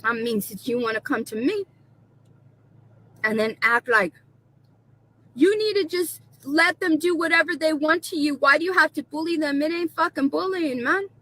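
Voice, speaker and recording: High sharp-voiced woman, swearing, mocking her haters. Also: moderate pace, a little hiss or hum, poor audio. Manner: profane, mocking and defiant. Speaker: video creator being reacted to. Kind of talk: angry rant to camera.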